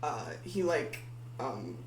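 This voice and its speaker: A woman's voice: low voice, big pitch swings, takes it slowly. Woman narrating a tabletop game, hesitant, many fillers, roomy echo, off-mic, faint hum. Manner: hesitant, full of ums and likes. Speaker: game master. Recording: echoey room, far from mic, faint hum.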